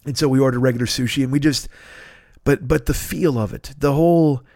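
A man hosting a podcast, telling a story in a casual, animated, profane way. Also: medium pitch, brisk, no room sound, clean studio sound. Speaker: podcast host.

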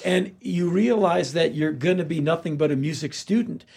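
A man's voice: on the high side, moderate pace, gravelly, darkish tone, slight background noise. A man in his sixties, a podcast guest, telling stories in casual chat and acting out the people he quotes.

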